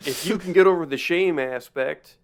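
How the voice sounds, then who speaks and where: A podcast co-host with a clear, resonant, fairly high voice chats in a casual comedic way at a moderate pace. He tells stories in a rambling fashion, interrupting himself and restarting many times.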